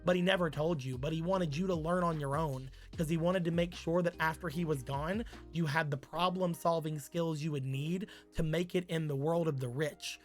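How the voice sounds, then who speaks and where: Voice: mid-range voice, fairly even intonation, moderate pace, hardly any pauses, faint music behind. A streamer casually telling a rambling, crude made-up story on a live stream, with many "like"s.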